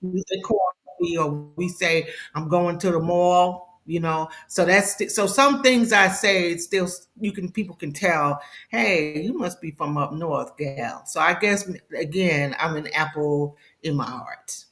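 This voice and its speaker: A middle-aged woman with a faint Brooklyn accent, a guest chatting warmly in a live podcast interview and often restarting her sentences. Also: lowish voice, measured pace, hardly any pauses. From Brooklyn, New York. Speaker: guest author and therapist.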